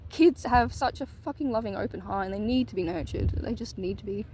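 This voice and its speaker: A woman's voice: mid-range voice, lively intonation, brisk, mellow, a little hiss or hum, rough recording. A woman telling a personal story in a casual, candid monologue, swearing casually. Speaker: vlogger.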